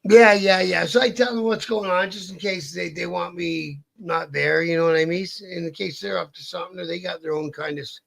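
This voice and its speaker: A man's voice: sits high, steady tone, brisk, vocal fry, few pauses, fairly bright tone. A man from Canada, a biker guest telling a rambling, profane story with many restarts. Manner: rambling, profane, self-interrupting. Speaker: interview guest, outlaw biker. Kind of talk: casual storytelling.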